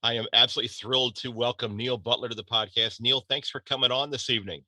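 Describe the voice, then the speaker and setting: Bright-voiced American man hosting a podcast. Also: mid-range voice, steady tone, fast talker, no room sound. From United States. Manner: rambling, frequent restarts. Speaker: podcast host. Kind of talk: casual podcast chat.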